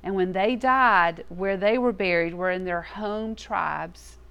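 A woman teaches from scripture in a relaxed, conversational way, with a mid-range voice. She talks in a folksy, plainspoken style and lets her delivery liven up as she explains. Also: mid-range voice, slow, clean tone, dull audio. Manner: folksy, animated, casual turns of phrase. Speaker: Bible teacher.

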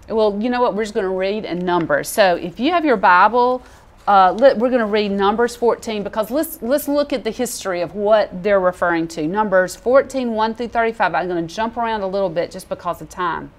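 A woman's voice: mid-range voice, moderate pace. A woman giving a casual Bible teaching, reading scripture aloud and acting out the people in the story. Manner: conversational, animated, acts out quoted voices.

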